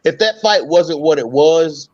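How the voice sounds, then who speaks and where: A man's voice: a little high, expressive, a little slow, a little mellow, muffled recording. A man co-hosting a casual podcast about fights, easygoing and slangy, who often repeats himself. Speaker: co-host.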